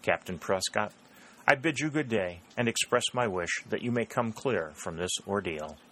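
Man reading dignified president, quiet, formal, low voice. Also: lively intonation, moderate pace, slight background noise. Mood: composed.

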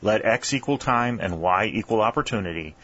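Reader playing a pedantic young recruit, formal and exact; low voice, dull lo-fi sound. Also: male voice, expressive, fairly quick, a bit bright. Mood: precise, dry. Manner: precise, formal, pedantic diction. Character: precise, bookish young schoolteacher soldier, man.

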